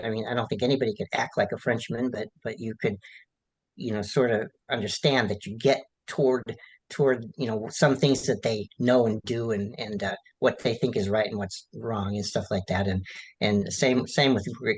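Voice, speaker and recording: A man, an author being interviewed, answering in a halting, rambling way with many restarts and fillers. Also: mid-range voice, low-quality recording. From United States.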